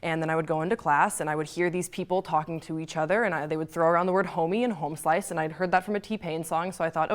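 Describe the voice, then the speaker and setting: Young woman, American accent, rapid self-mocking storyteller on a student talk show. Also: on the low side. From Belgium. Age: young adult. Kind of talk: comic personal story to camera.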